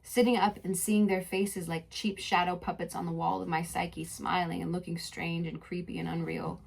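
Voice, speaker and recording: A young adult woman hosting a podcast, telling a personal story in a soft, introspective voice that moves between spoken narration and casual chat. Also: on the low side, level tone, normal speed, vocal fry, slightly rough. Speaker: podcast host.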